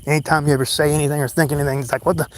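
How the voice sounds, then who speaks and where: A man's voice: a little high, flat delivery, very fast, a little hiss or hum. A man from Oklahoma rambling and swearing to his viewers as he walks through a cemetery at night, talking into a handheld phone. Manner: profane, rambling, self-deprecating, talks to viewers. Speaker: livestream vlogger. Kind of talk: rambling late-night livestream walk.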